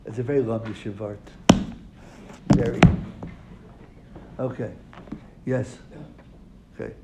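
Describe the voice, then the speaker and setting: A man's voice: mid-range voice, steady tone, takes it slowly. A man teaching a classroom lesson, asking his students questions and then answering them. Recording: echoey room, faint noise.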